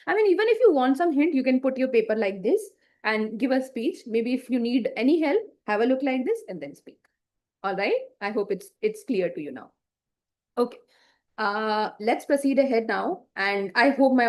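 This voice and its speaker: Higher-pitched woman teaching an online class. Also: darkish tone. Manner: explains with frequent fillers and check-in questions; acts out bad examples to demonstrate.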